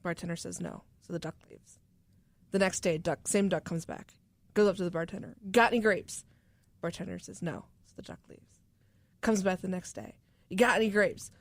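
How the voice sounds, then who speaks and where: A woman's voice: on the low side, fairly even intonation, no echo. Young woman telling a corny joke. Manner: unhurried, stumbles over the punchline setup. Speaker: podcast co-host. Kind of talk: casual chat, telling a joke.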